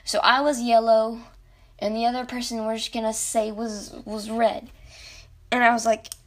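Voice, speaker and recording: Young woman, podcast host, rambling casual story, slightly high voice, self-interrupting. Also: level tone, normal speed.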